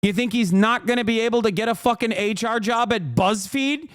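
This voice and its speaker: Dude ranting on stream, fired up and sarcastic, lots of swearing, dry mic, fairly high voice. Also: male voice, brisk, clear, resonant tone, no room sound. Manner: heated, profane, sarcastic rant.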